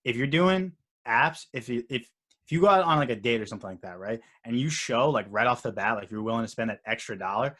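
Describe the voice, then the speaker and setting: A young man hosting a casual podcast, rambling and excitable with lots of fillers. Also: mid-range voice, quick pace. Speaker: podcast host. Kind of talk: casual chat.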